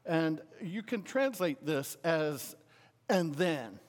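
A man's voice: on the high side, expressive, slow. A middle-aged man preaching a casual, conversational sermon, talking animatedly and filling his speech with everyday fillers. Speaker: pastor. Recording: long hall reverb.

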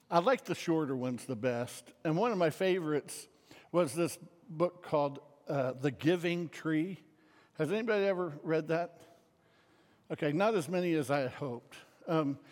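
A male preacher tells a story to a congregation in a loose, chatty way, with plenty of fillers. His voice is fairly high. A long reverb fills the sanctuary. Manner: casual, rambling, full of fillers. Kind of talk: sermon storytelling.

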